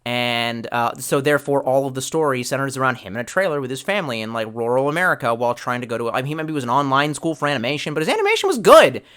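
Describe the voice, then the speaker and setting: A man's voice: medium pitch, big pitch swings, fast, hardly any pauses, a bit bright, smooth. Swearing, rambling young streamer guy. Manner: swears a lot, trails off and restarts, reads chat aloud. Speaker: live streamer. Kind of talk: rambling casual stream chat.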